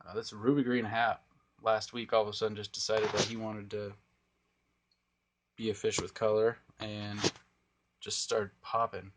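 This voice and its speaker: There's background noise as a young man, an aquarium vlogger, casually rambles through a tour of his home tanks on a handheld phone camera. He speaks in a lowish, flat voice at normal speed, pausing often, in a room full of aquariums.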